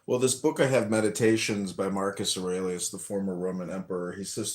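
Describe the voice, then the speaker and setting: A man's voice: fairly low pitch, fairly quick, darkish tone. A man in a casual chat on a social audio app, musing aloud and groping for his words.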